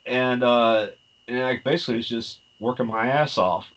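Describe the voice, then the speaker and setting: A man at an average pitch in casual conversation, rambling and hesitant, often restarting his sentences. The audio is dull and lo-fi. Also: steady tone, normal speed, a bit bright. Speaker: co-host. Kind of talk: casual chat.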